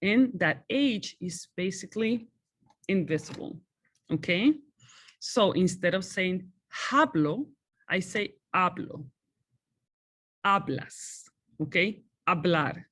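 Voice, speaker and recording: A woman's voice: on the low side, slow. A woman whose first language is Spanish, patiently walking students through a class assignment and often checking in with them. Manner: patient, explanatory, frequent checking "okay?". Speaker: Spanish teacher. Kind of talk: recorded class walkthrough.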